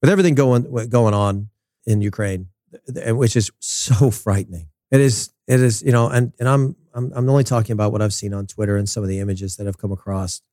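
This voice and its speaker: A man's voice: lowish voice, a little fast, mellow, dry recording, studio quality. A man giving a casual, blunt soccer opinion monologue, ranting and swearing freely while out walking. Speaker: soccer commentator. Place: outdoors walking in Las Vegas.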